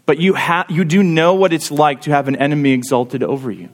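A man's voice: fairly high pitch, fairly quick. A man preaching a sermon, earnestly explaining a psalm and reading its verses aloud with rising emphasis.

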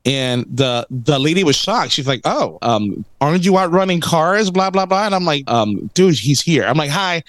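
A man's voice: on the high side, normal speed, few pauses, no echo. A man chatting casually, telling a story and acting out the other people in it. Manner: animated storyteller, acts out quotes. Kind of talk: casual chat.

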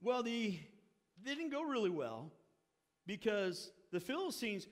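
A man with a high voice preaches in a storytelling way, acting out the quoted characters and dropping dry asides. His voice rings with the long reverb of a big hall. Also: big pitch swings, measured pace. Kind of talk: sermon.

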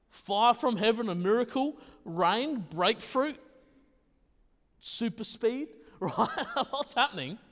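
Male pastor, high voice, chatty laid-back preaching, long hall echo. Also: a bit bright. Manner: casual, conversational, often checks in with "right?". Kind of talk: sermon.

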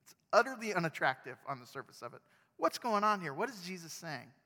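A male pastor preaching a sermon in a conversational, animated storytelling manner. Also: high-pitched, fairly quick, big-room sound.

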